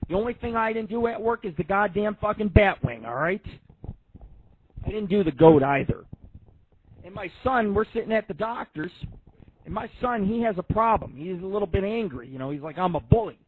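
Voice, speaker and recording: A man's voice: sits high, lively intonation, moderate pace, husky. A man in his thirties hosting a radio show, telling rambling, profane stories in a casual monologue. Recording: tinny phone-like line.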